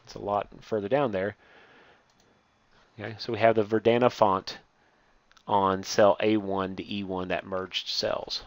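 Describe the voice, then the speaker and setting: A man teaching a step-by-step software lesson, reading each instruction aloud and then explaining it as he works on screen. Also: on the low side, steady tone, a little slow, no echo. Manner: reads steps aloud, then explains while clicking. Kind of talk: software tutorial walkthrough.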